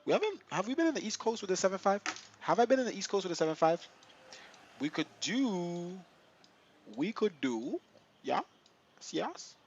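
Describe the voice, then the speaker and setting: Young male streamer, excitable, chatty, slightly high voice, dull lo-fi audio. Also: moderate pace, long pauses, slight background noise. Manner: excitable, laughing, talks to chat. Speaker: flight sim streamer. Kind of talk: live-stream chat.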